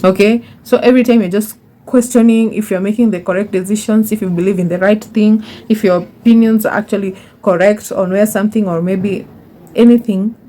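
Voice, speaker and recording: A young woman talks straight to her viewers in a chatty advice vlog. Her voice is mellow and warm at a middle pitch. She repeats words for emphasis and calls her listeners honey. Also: fairly even intonation, fairly quick. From Kenya. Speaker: YouTuber. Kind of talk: casual advice monologue.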